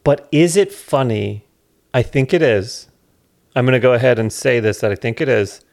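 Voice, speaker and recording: A man's voice: medium pitch, normal speed, gravelly. Dry, sarcastic male podcast co-host. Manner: dry, sarcastic deadpan jokes. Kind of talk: casual chat.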